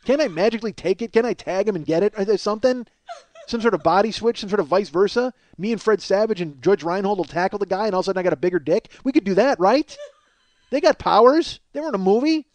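Fast-talking crude comic man in his forties. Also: sits high, lively intonation. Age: 40s. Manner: crude, self-mocking, laughs at his own jokes. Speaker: podcast host. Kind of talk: rambling comedic monologue.

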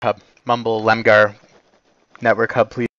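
A man runs his team over voice chat, snapping out short radio-style orders. His voice sits low and barely moves in pitch. The capture is dry and muffled. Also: monotone, a little slow, a bit bright, dry recording. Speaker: game commander. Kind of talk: voice comms, giving orders.

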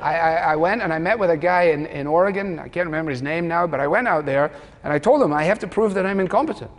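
A male pastor preaching, telling a self-deprecating story with humor and acting out the dialogue in lively bursts. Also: fast talker, big-room sound. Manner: lively, rising to high animated bursts. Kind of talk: sermon.

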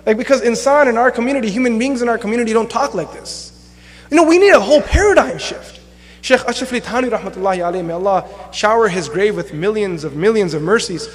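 Young guy imam giving a sermon, high voice, jokey storytelling, big echoey hall. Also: fast. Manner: animated storytelling with acted-out quotes and humor. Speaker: imam and lecturer. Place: mosque hall. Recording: long hall reverb.

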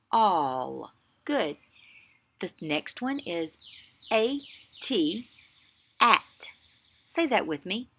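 A woman teaching young children in a video lesson, coaxing answers in a slow sing-song way and pausing for replies. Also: medium pitch, sharp tone.

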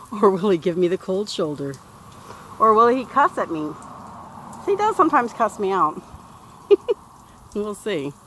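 A dog owner talks casually to her vlog viewers as she washes her dog beside an outdoor pool, sweet-talking him in a lilting voice. Her medium-pitched voice is sing-song and a bit bright, unhurried with long pauses, and the audio carries a slight hiss or hum.

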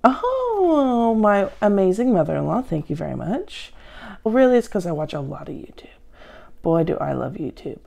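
A woman's voice: medium pitch, sing-song, moderate pace, gravelly, a little mellow. A woman hosting a comedic question-and-answer video from home, with a dry, sarcastic, self-mocking manner. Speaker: show host answering viewer questions. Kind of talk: deadpan comedic Q&A.

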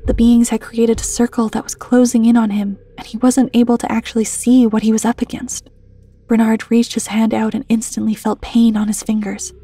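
A breathy woman narrates a horror story in a hushed, even voice that keeps sinking into whispers. Her tone is mellow and somewhat high, close to the mic. The recording is dry, with soft music playing underneath.

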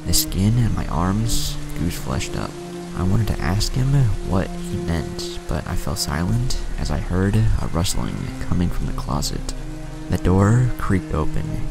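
A man with a gravelly voice giving a slow, steady, scripted horror narration. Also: sits low. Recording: music playing behind.

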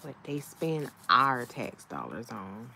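A woman's voice: extremely low pitch, very animated, slow pace, vocal fry, bright, forceful tone, a little hiss or hum. A woman, chatting casually at home while doing her own nails, often laughing and talking to her nails. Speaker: nail vlogger. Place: home, indoors.

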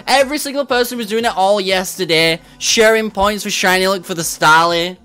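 Blunt, swearing streamer. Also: male voice, high-pitched, a little fast, few pauses, sharp tone, clear, resonant tone. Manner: blunt, swears freely, frustrated banter with chat. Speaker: game streamer. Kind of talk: casual livestream chat.

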